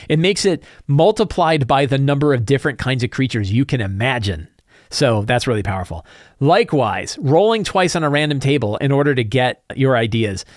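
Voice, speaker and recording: An enthusiastic man talks through game master advice in a casual tutorial, thinking aloud as he rolls dice. His voice sits fairly high and swings widely in pitch. The sound is close and dry. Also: no echo.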